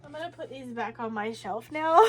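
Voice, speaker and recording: A woman's voice: high-pitched, lively intonation, moderate pace, noisy background. A woman book vlogger chatting casually about books, rambling and emotional, with many fillers and restarts. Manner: emotional, with sighs and laughs.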